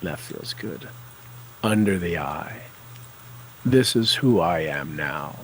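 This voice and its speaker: A man leading a guided tapping session, calling out tapping points and repeating affirmations with slow, deliberate coaching cues. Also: low voice, expressive, a little hiss or hum, poor audio.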